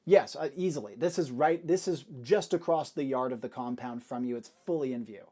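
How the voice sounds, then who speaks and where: A man's voice: mid-range voice, fairly quick, warm tone. A man narrating a tabletop game as game master, describing the scene with frequent fillers.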